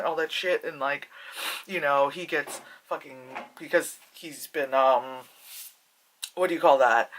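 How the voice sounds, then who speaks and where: A bright, forceful voice talking through a movie review off the cuff. The delivery rambles, full of "like" and "you know", with plenty of swearing and animated retellings of scenes. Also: medium pitch. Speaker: film reviewer. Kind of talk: casual spoiler movie review.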